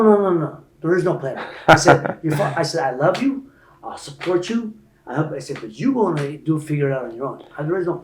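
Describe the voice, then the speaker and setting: A man in his sixties telling stories as a podcast guest, animated and building up loud and high to make his points. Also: roomy sound, slight background noise, poor audio. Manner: animated storyteller, rising loud and high when making a point. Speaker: interview guest. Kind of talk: storytelling in a podcast interview.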